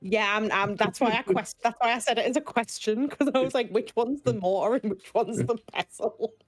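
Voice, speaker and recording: A woman's voice: fairly high pitch, normal speed, dry recording. A woman playing in a tabletop game, chatty and teasing. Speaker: player. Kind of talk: casual tabletop play.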